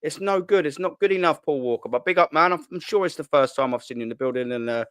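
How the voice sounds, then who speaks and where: A young man, hosting a casual live stream from his kitchen at home, talking in excitable slang, swearing and repeating himself. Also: a little high, fast, clean tone, no room sound, studio quality. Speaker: football channel host. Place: at home, sitting at a kitchen island.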